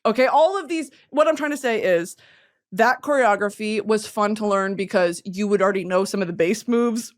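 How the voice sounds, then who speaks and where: A woman hosting a casual chat show, talking in an animated, profane way and laughing often. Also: mid-range voice, moderate pace. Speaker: podcast host.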